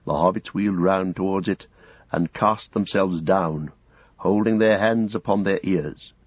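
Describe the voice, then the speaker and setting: A man narrating an audiobook in a measured, grave storytelling manner, close to the mic. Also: low-pitched, husky, no room sound. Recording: dull lo-fi audiobook recording.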